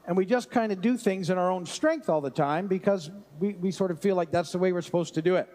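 Male pastor with a high-pitched voice, chatty sermon storyteller who restarts often. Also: fast talker, a little mellow. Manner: conversational, many restarts and asides.

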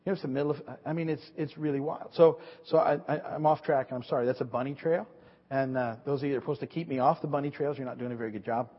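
This pastor preaches a rambling sermon, frequently restarting and repeating words. His medium-pitched voice stays steady and moves very fast. The recording is dull and lo-fi, with a long hall reverb.

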